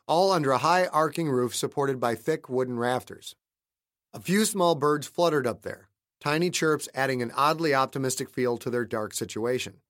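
A man narrating a thriller audiobook he wrote, in a steady, measured storytelling manner. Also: mid-range voice, dry recording, studio quality. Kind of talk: scripted narration.

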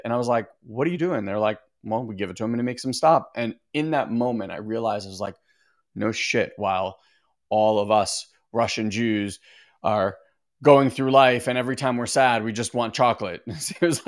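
A man speaking casually on a live stream as a meditation teacher, rambling and reading out viewer comments. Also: medium pitch. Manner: rambling and conversational, often restarting sentences. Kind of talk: casual livestream talk to viewers.

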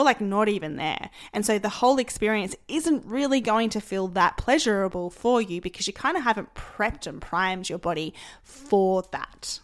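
A young woman hosts her own podcast in a loose, candid chat. She talks straight to her listeners, peppering her speech with "like" and "you know", and her pitch sits in a middle range for a woman. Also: a bit bright. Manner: chatty and candid, many "like" and "you know" fillers. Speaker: podcast host. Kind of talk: casual solo podcast talk.

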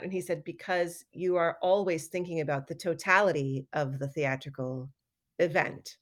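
A middle-aged woman telling stories in a casual interview, animated and acting out quoted lines with laughter. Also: low-pitched, moderate pace. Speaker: guest artist and educator.

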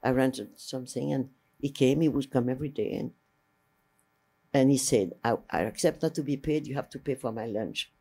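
Older woman with a warm voice. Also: extremely low pitch, moderate pace, slightly rough. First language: French. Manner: rambling, lively, restarts mid-phrase and acts out other people's speech. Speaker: interviewee, filmmaker. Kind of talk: storytelling reminiscence.

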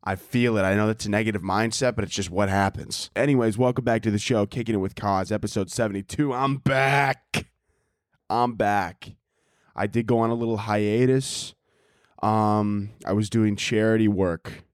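The young solo podcaster here speaks fairly low and fairly quickly in a steady tone, recorded dry and at studio quality. Profane and self-deprecating, his casual comedic monologue rambles on, punctuated by frequent laughter at his own jokes.

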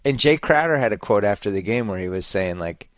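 Guy hosting a sports podcast, lowish voice, rambly and animated, dry close mic. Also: a little fast, no echo. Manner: rambling, animated, lots of fillers. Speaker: podcast host. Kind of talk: casual sports chat.

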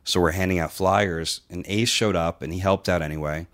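A man's voice: sits low, moderate pace. A middle-aged man hosting a podcast, telling a long, profane story in casual chat and acting out the dialogue. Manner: profane, animated anecdote-telling with quoted dialogue. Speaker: podcast host and wrestling trainer.

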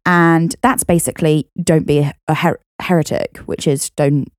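A woman's voice: sits low, unhurried, no room sound, studio quality. British woman chatting through history. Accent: British English. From Britain. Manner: chatty, laughing, lively asides. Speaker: podcast co-host. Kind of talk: casual history storytelling.

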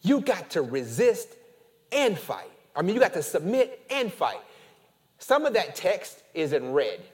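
A man preaching a sermon as pastor, animated, with call-and-response and casual storytelling asides. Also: high-pitched, unhurried.

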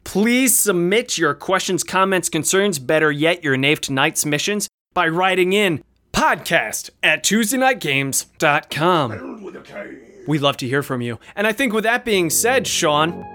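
A man hosting a podcast in casual, joking chat. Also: on the high side. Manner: animated, joking, quick asides. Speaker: podcast host.

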